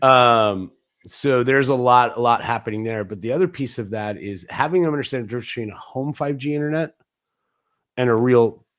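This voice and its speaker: A man's voice: mid-range voice, fairly quick, fairly bright tone. Chatty man telling business anecdotes. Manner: rambling, anecdotal, acts out quoted dialogue; frequent restarts and fillers. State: coughing at times. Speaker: guest, 5G business internet provider. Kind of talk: casual interview talk.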